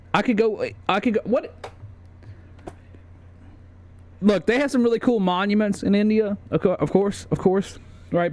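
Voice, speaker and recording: A man's voice: high voice, darkish tone. Rambling, profane streamer man. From United States. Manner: profane, rambling, lots of fillers and restarts. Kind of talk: livestream commentary ranking a tier list.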